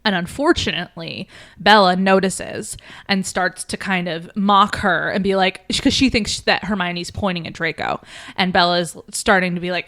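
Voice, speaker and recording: A woman podcast host retelling a story in a casual, animated way, with lots of fillers. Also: fairly low pitch, moderate pace.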